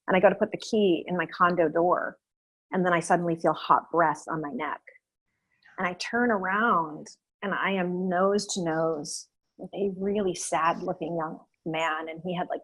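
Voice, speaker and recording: Husky woman telling a story. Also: on the low side, poor audio. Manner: animated, many fillers and restarts. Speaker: guest. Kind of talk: casual interview storytelling.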